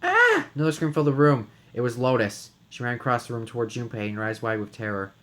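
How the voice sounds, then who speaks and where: A man's voice: mid-range voice, steady tone, fast talker, a little hiss or hum. A man reading a visual novel aloud dramatically, now and then stumbling over words. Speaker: game reader and narrator.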